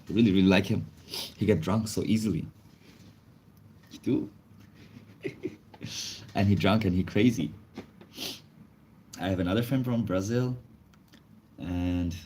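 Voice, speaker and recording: A young man with a deep, mellow voice and a slight head cold talks casually on a livestream, answering chat in non-native English full of small grammar slips. A faint hiss sits under his voice. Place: indoors, face not shown.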